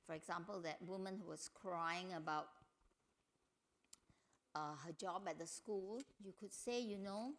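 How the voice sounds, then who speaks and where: A middle-aged woman giving a family seminar talk, telling stories and acting out quotes in a higher voice. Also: measured pace, pauses often. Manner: animated storytelling, acts out quotes in a higher voice. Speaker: seminar speaker.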